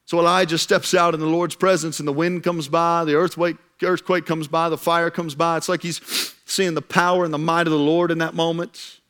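A man's voice: on the high side, little pitch movement, normal speed, few pauses, a bit bright, clear, resonant tone. Storytelling young man preaching a sermon. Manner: storytelling, building to impassioned preaching. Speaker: pastor.

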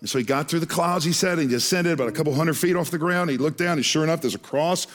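Male preacher, sermon storytelling, earnest and plain, repeats words, soft music behind. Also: fairly high pitch, quick pace. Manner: earnest, repeats words when starting phrases.

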